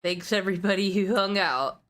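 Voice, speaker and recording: A woman's voice: mid-range voice, moderate pace, fairly bright tone. A woman streamer chatting casually, wry and rambling, swearing offhandedly.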